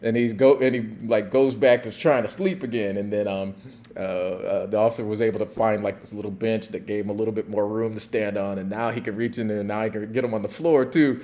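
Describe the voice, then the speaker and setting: Mellow-voiced middle-aged man telling stories. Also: on the low side, fairly quick. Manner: relaxed and chatty with many fillers, laughing at his own story. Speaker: podcast host, former police officer. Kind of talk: casual storytelling.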